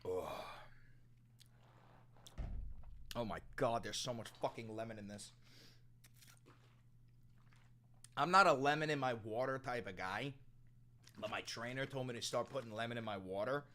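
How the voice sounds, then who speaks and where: A young man plays a brash, foul-mouthed livestreamer who calls everyone brother. The voice is bright and pushy, and it swerves between low mumbling and loud outbursts in a comedy sketch. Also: fairly quick, natural voice. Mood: grumbling. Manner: swaggering, profane, swings from mumbling to shouting.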